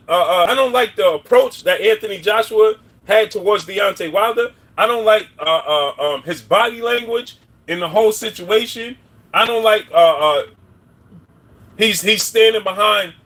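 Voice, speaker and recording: Livestream host: a man with a high, husky voice, casual and rambling, greeting the chat. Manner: rambling, shouts out viewers by name. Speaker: boxing commentary livestream host.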